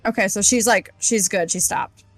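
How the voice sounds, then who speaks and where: A woman's voice: medium pitch, moderate pace, no room sound, faint music behind. A woman playing a tabletop game, chatty and laughing, who swears freely. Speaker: player. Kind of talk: casual tabletop play.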